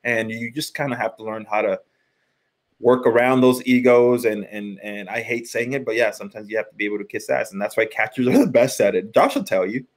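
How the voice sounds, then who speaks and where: A man in his thirties, a former college pitcher, talking baseball in a rambling, casual podcast chat, often repeating words as he thinks. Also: brisk.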